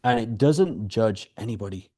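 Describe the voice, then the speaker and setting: A man as a podcast guest, giving calm reflective spiritual talk and telling stories with rhetorical questions. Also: on the low side, normal speed.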